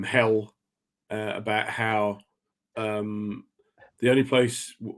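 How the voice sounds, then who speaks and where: A man hosting a casual radio chat and telling animated anecdotes, laughing often. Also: on the low side. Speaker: radio host.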